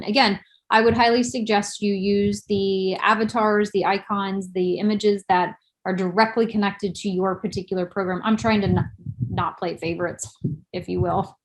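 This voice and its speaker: A woman's voice: mid-range voice, low-quality recording. A woman presenting a screen-share webinar tutorial, chatty and self-deprecating, thinking aloud as she clicks through the steps.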